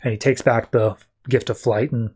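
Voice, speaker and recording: A man's voice: mid-range voice, fairly even intonation, darkish tone, husky. A man hosting a podcast, casually retelling a comic-book issue in a loose, chatty way with plenty of fillers. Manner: loose storytelling full of "like" and quick restarts. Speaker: podcast host.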